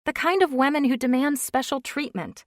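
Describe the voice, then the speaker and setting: Woman reader doing a high, loud, indignant young pregnant woman in an audiobook, dry close read. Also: dry recording, lightly acted. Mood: stubborn. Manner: exasperated, rapid outbursts. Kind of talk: audiobook character reading.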